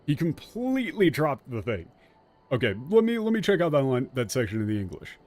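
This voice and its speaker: 男主播，随口骂几句的游戏解说. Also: male voice, medium pitch, big pitch swings, a little fast, a little mellow, faint music behind. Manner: analytical, picks apart translation word by word; casual, swears freely. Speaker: game streamer. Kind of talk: let's play commentary.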